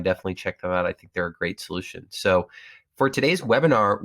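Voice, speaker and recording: A friendly man presents a webinar over a video call with an enthusiastic pitch. His voice sits somewhat low. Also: a bit bright. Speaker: guest presenter.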